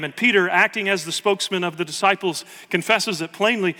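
A man's voice: high-pitched, fairly quick, hardly any pauses, pushed and bright, big-room sound. A man preaching a sermon with earnest emphasis, reading scripture aloud to his congregation. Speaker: pastor.

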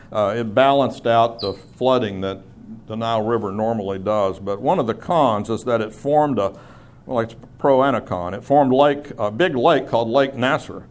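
A middle-aged man leads a Bible class in a classroom. His pitch sits in an ordinary middle range, and he talks conversationally, with fillers and restarts.

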